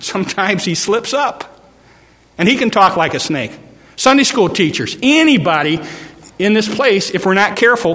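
A man delivers a sermon from a church pulpit, his voice pitched high and ringing bright. He drives his points home through repetition and climbs into forceful warnings, while a long reverb trails each phrase around the sanctuary. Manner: repetitive preaching cadence, rising to emphatic warnings. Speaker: pastor.

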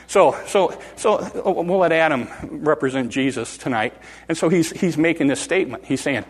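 A man with a somewhat high voice preaches to his congregation in a casual, conversational way. He stumbles, repeats words and restarts his sentences as he explains a passage. His voice rings with the long reverb of a church hall. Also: expressive, normal speed, slightly rough. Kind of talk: informal sermon with Bible teaching.

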